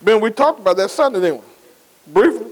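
A man's voice: high voice, big pitch swings, normal speed, low-quality recording. A male pastor preaching a sermon, asking the congregation rhetorical questions and repeating words as he builds. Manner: call-and-response preaching, frequent rhetorical questions.

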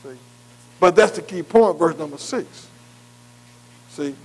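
High-pitched male preacher, call-and-response sermon, keeps asking "am I right", reads verses slowly. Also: slightly rough, rough recording. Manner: repeatedly asks "am I right?"; reads scripture slowly and deliberately.

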